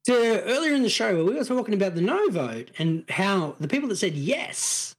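A man's voice: sits high, sing-song, normal speed, music in the background. A man, co-hosting a podcast and joking in casual chat. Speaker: podcast co-host.

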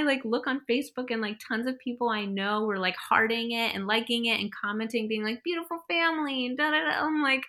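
Young woman, bright clear voice, chatty storytelling, laughs between lines, quick mimicry of others. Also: on the high side, fairly even intonation. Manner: chatty, laughs often, acts out quoted voices. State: pregnant. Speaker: mother telling her birth story. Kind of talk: casual storytelling.

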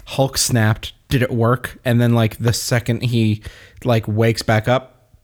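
A man co-hosting a casual movie recap podcast, excitable and laughing often as he talks in quick bursts. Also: mid-range voice. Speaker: podcast co-host.

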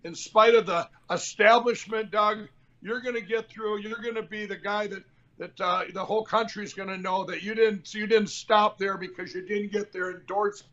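A man's voice: sits high, fairly even intonation, normal speed, pushed and bright, muffled recording. A man hosting a political talk show, rambling and combative, repeating himself as he talks. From Minnesota. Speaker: show host.

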